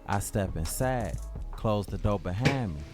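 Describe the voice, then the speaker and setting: A man's voice: on the low side, lively intonation, unhurried, over loud music. A young man narrating a personal storytime in slangy, laid-back speech.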